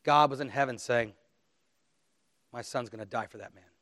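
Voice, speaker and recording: A man's voice: mid-range voice, moderate pace, fairly bright tone, dry recording, clean studio sound. A man preaching a sermon, earnest and emphatic, reading scripture aloud with dramatic emphasis. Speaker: pastor.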